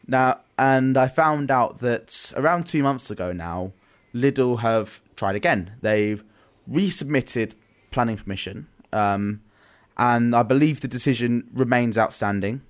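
Guy rambling on in a casual chat, lots of ums, average pitch. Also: unhurried. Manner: rambling storyteller, many restarts and ums. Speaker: podcast host.

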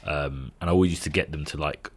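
A man's voice: rumbling low, fast talker. A man in a casual chat, laid-back and filling his talk with "like". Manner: laid-back, filler-heavy with lots of "like".

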